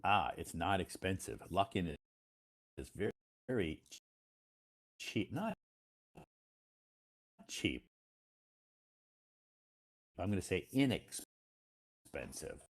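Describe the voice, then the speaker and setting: An American man, an English teacher hosting a live stream, chatting casually in a slow, deliberate way with frequent "uh"s. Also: sits low, big pitch swings. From United States.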